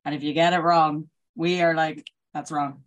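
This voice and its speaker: An Irish interviewer chatting casually, with quick quoted asides. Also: medium pitch, flat delivery, highs cut off.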